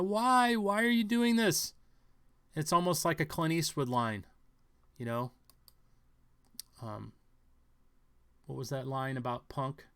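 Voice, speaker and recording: A man giving a halting, speculative commentary on news stories, thinking aloud with many fillers and restarts. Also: on the high side, a bit bright.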